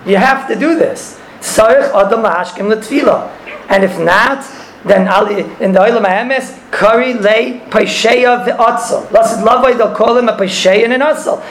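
A man's voice: high voice, moderate pace, a bit bright, a little hiss or hum. A man teaching a religious class, explaining a text and telling stories, mixing in Hebrew and Yiddish terms and repeating phrases. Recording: echoey room.

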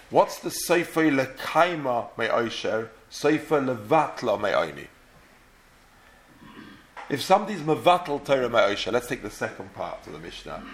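A Torah teacher with a medium-pitched voice leads a Talmud class, posing questions and then working through the answers. He lays out each point step by step, pronouncing the Hebrew terms the Ashkenazi way.

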